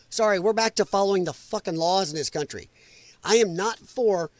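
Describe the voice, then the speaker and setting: A man with a high voice rants bluntly and profanely as a livestream host. He sounds close and dry on the mic, with no room around him. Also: normal speed, dry recording. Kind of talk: ranting live commentary.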